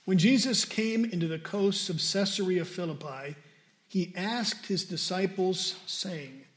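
A man's voice: high-pitched, a little slow. A man preaching a sermon and reading scripture aloud, stressing key words and repeating them for emphasis.

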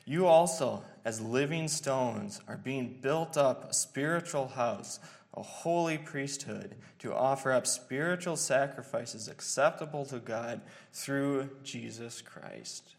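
Male preacher, gravelly and unhurried, earnest and halting delivery. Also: mid-range voice. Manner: earnest, halting, with many fillers and restarts. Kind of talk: expository sermon.

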